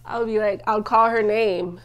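A woman's voice: mid-range voice, steady tone, a little fast, a bit bright, lo-fi sound. Young female vlogger, confessional to camera, emotional, chatty with lots of "like". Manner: emotional, tearful at times, frequent "like" fillers. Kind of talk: personal life-update vlog.

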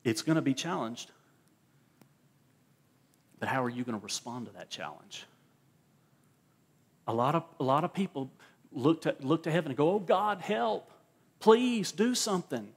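A man's voice: mid-range voice, animated, normal speed, pauses often, husky. A male pastor preaching a sermon at a church service, emphatic and repeating words as he drives his points home.

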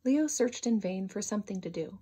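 Storyteller, female, breathy and expressive, reading children's books aloud. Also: medium pitch, fairly quick. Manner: expressive, sing-song narration.

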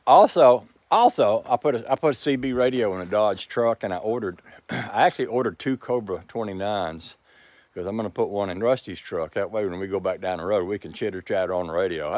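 A man's voice: on the low side, brisk, darkish tone, no room sound. An older man, talking in a rambling, folksy way as a vlogger, tired and a little out of breath, outdoors by his house. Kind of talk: casual rambling vlog.

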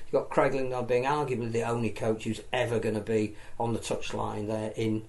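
A man's voice: mid-range voice, a little fast, creaky. Man talking shop in a studio chat. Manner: rambling, many restarts, animated storytelling. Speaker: pundit on a rugby league show. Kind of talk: casual studio discussion.

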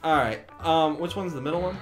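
A gamer giving casual let's play commentary, excitable and jokey, with yelps and mock singing. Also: medium pitch, fairly quick, music in the background.

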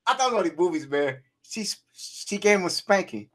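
Animated swearing man telling stories. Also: high voice, fairly quick. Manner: animated storyteller, laughs often, swears freely. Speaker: podcast co-host. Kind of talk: casual chat.

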